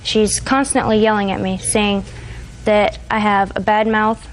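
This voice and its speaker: A woman's voice: mid-range voice, flat delivery, unhurried, a little hiss or hum, poor audio. Hesitant young woman retelling events. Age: 20s. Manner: rambling, hesitant retelling with fillers. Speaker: defendant. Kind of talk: courtroom testimony. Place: TV courtroom.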